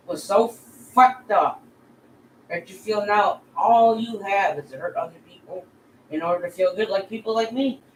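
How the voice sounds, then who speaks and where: A woman's voice: medium pitch, rough recording. Middle-aged woman vlogger, angry and profane, faint noise underneath. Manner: profane, heated, addresses bullies directly. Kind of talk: angry direct-to-camera rant.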